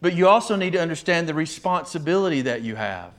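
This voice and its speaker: Guy preaching a sermon, kinda high voice, gets animated and does little voices. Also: fast. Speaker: pastor.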